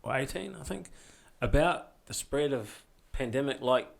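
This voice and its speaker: A man co-hosting a podcast, chatting bluntly with swearing and quick asides. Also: mid-range voice, lively intonation, vocal fry. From Australia. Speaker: podcast co-host. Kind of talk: casual chat.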